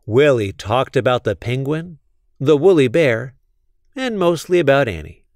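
A man with a mid-range voice reads a children's picture book aloud, storytelling expressively at a slightly slow pace. The studio-quality recording has no echo.

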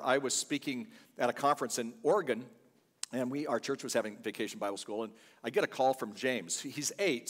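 A man's voice: medium pitch, long reverb tail. An older man, a guest pastor, preaching a sermon full of chatty, humorous family stories in a church. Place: church sanctuary.

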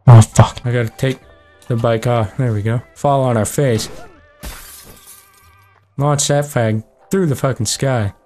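Young male let's-play host, middle pitch, brash, profane, excitable. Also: a little slow, long pauses, faint music behind. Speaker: gaming channel host. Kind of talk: casual let's play commentary.

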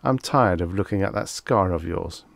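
A man's voice: low voice, moderate pace, creaky, no room sound. A man reading the part of a blunt, stolid bearded male spaceship gunner in a science fiction audiobook.

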